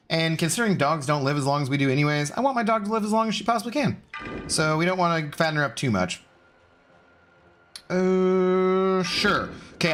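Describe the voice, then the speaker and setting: Laid-back man, chatty streamer greeting viewers, slightly raised pitch, soft music underneath. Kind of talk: casual live-stream chat while gaming.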